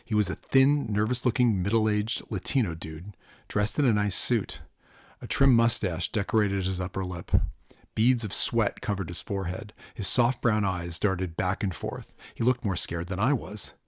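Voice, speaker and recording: Low-voiced male noir audiobook narrator. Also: normal speed, dry recording, clean studio sound.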